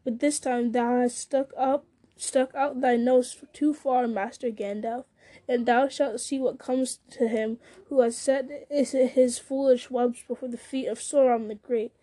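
A woman reading aloud, voicing a scornful, mocking male herald who serves a dark lord. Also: fairly high pitch, fairly even intonation, a little slow. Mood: taunting. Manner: taunting, sneering, laughing at others.

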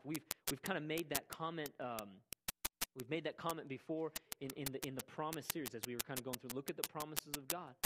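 A man's voice: a little high, rough recording. A man preaching a sermon, emphatic, repeating key words and checking in with "right?". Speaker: pastor. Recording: loud music behind voice.

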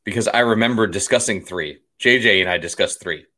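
A man co-hosting a casual geek news podcast, giving opinions and quick quips. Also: on the low side, pushed and bright. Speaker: podcast co-host.

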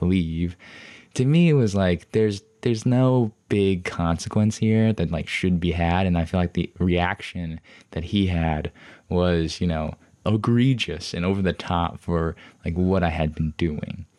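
A man's voice: low-pitched, darkish tone. A young man hosting a podcast, rambling through a personal story with many fillers and restarts, frustrated and defensive. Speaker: podcast host.

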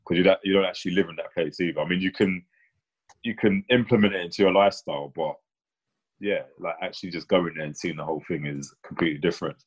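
A man's voice: sits low, fairly even intonation, quick pace, breathy edge, lo-fi sound. A man, thoughtfully talking in a casual chat.

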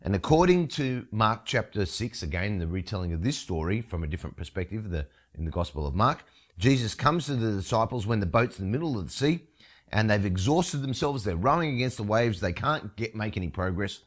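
A man preaching a sermon, telling a story with expressive emphasis. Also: fairly low pitch, fairly quick. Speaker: pastor.

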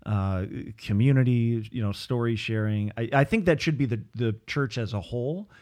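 A man in his thirties, a pastor and podcast host, chats in a loose, rambling way, full of fillers and restarts. He stays upbeat throughout, with an ordinary mid-range pitch. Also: moderate pace, darkish tone. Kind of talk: casual chat.

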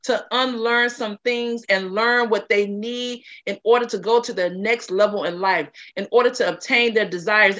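A woman's voice: on the high side, bright, forceful tone, lo-fi sound. A woman hosting a podcast interview in a casual, hype, effusive way, using Southern slang. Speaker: podcast host.

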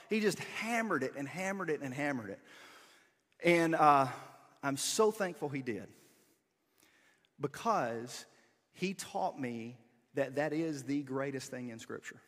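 A pastor giving a relaxed, conversational sermon with asides to his congregation. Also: mid-range voice. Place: church sanctuary. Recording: long hall reverb.

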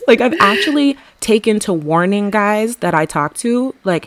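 A woman's voice: mid-range voice, animated, moderate pace, few pauses, no echo. A young woman co-hosting a comedy podcast, brash and profane, acting out the voices she quotes. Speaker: podcast co-host. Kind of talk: casual comedic chat.

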